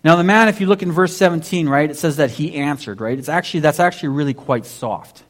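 A man's voice: fairly high pitch, fast talker. A man preaching a sermon in a conversational way, often restarting and saying "basically". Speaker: pastor.

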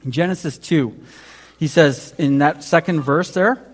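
A man preaching a sermon, telling the story in a conversational way, asking the congregation questions and swinging between loud emphasis and hushed asides. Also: fairly high pitch, measured pace. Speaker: pastor.

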